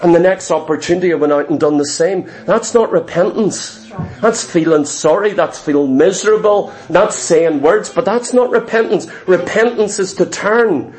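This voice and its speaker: Man, preacher, high-pitched, fervent, confessional sermon. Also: normal speed, darkish tone. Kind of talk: sermon testimony.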